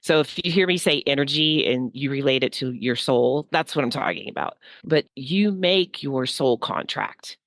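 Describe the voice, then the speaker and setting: A woman with a rumbling, low voice talks animatedly at a moderate pace, barely pausing. She's a psychic guest in a casual spiritual conversation, rambling and heartfelt, and drops "like" constantly.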